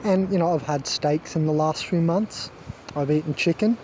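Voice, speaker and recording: Preachy self-assured man, mellow voice. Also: fairly high pitch, moderate pace, slight background noise. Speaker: wellness vlogger. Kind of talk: rambling monologue to camera.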